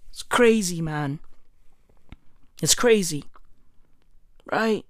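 A woman with doing a casual rant commentary, animated, profane and mocking. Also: medium pitch, slow, pauses often, no room sound, clean studio sound.

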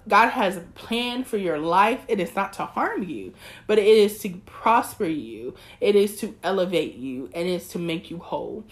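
Young woman host, twenties, chatty and animated, breaks into sermon-style exhortation. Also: fairly low pitch. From East Texas. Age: 20s. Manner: lively, talkative, preachy bursts. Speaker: podcast host. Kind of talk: casual chat.

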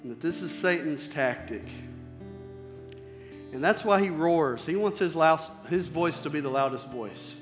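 Male pastor, fairly high voice, casual preaching that swells loud then drops soft, church hall reverb with faint music underneath. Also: expressive, a little slow. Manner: conversational preaching, swings between loud emphasis and soft near-whispers. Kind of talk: sermon.

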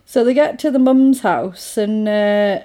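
A woman's voice: mid-range voice, measured pace. A woman in casual chat, animatedly retelling a film's story scene by scene. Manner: animated storytelling, acts out the characters' lines. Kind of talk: casual film recap chat.

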